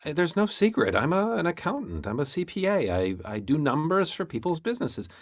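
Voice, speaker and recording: A man improvising an exasperated accountant neighbor, deadpan and stammering in a comedy scene. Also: fairly high pitch, fairly quick, no echo, studio quality. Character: exasperated middle-aged accountant neighbor Marcus. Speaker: improv performer.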